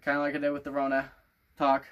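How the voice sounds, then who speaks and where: A man's voice: mid-range voice, completely flat delivery, quick pace, dull audio. Rambling teenage boy vlogger. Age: teens. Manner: rambling and playful, putting on a loose made-up accent. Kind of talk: casual vlog talk to camera.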